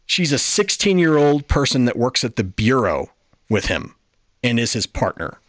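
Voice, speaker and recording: A man's voice: medium pitch, big pitch swings, moderate pace, fairly bright tone, no room sound, studio quality. A man hosting a podcast, giving a casual, exasperated and profane review rant. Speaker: podcast host.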